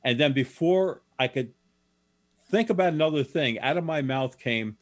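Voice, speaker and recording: A man's voice: medium pitch, expressive, moderate pace. A man who is an author telling stories as a guest in an interview, plain and matter-of-fact, with some restarts. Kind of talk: storytelling in a radio interview.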